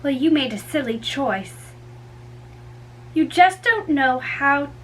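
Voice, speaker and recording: A woman's voice: high voice, expressive, slow, a little hiss or hum. A woman reading a play aloud, voicing a fussy, teasing old nurse who groans and draws out her complaints. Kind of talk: dramatic reading.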